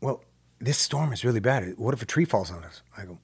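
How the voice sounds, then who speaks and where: A man telling a story in casual talk, animated and swearing, acting out what people said. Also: mid-range voice, a little fast, gravelly, husky. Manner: animated, swears, acts out quotes. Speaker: guest filmmaker.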